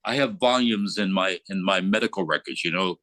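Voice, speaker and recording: Older man, veteran, low-ish voice, blunt, swears a lot, casual storytelling. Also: fairly quick, no echo. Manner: blunt, profane, animated when retelling. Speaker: veteran interviewee. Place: remote call from abroad.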